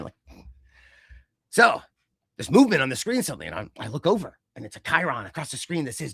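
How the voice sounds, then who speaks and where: A man with a high-pitched voice rants with animated sarcasm as a podcast co-host. His delivery is dry and close, with no room sound around it. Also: no room sound. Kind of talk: casual chat.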